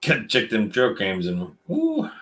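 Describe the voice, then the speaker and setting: A man with a drawl chats through a late-night livestream from a metal shop. His voice is bright and forceful, and he teases along in a relaxed, joking way. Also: medium pitch, normal speed. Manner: joking, drawling Southern talk. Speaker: livestream co-host.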